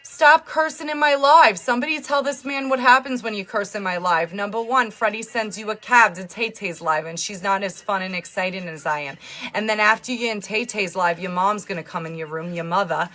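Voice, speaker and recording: A sarcastic woman from New York hosts a casual livestream, reading viewer comments in a loud, lively, teasing way. Her voice is mid-range and slightly fast.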